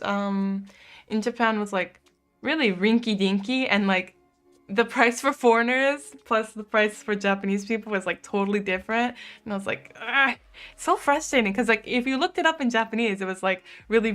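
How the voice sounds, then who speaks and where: A young American woman chats casually on her live stream, reading out viewer messages and answering them. She talks freely and fills her sentences with "like", with easy laughs mixed in. Soft music plays faintly behind her. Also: mid-range voice. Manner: chatty, fills speech with "like", laughs often. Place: home streaming room.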